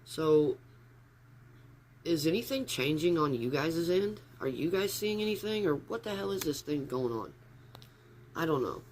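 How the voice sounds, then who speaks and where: A man's voice: a little high, expressive, a little slow, long pauses, a little hiss or hum. Rambling man livestreaming from his phone. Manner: rambling, easily sidetracked, loose and informal. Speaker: live streamer. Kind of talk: casual livestream chat. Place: upstairs room at home.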